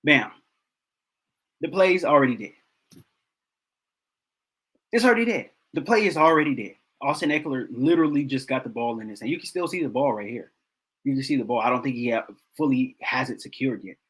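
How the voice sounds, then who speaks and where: Exasperated man with a husky voice. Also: medium pitch, fairly quick, poor audio. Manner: exasperated, repeats himself for emphasis. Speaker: host of a football film breakdown channel. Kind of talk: casual film breakdown commentary.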